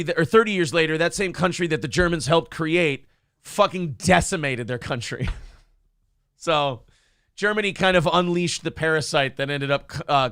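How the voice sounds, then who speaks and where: A man hosting a casual talk show, ranting in a profane, animated way. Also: a little high, smooth, no room sound, studio quality. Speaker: podcast host.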